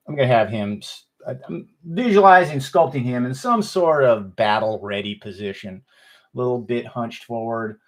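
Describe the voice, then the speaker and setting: A man chatting casually as he sculpts, rambling with many fillers and restarts. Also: mid-range voice. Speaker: sculptor, channel host. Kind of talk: casual chat while sculpting.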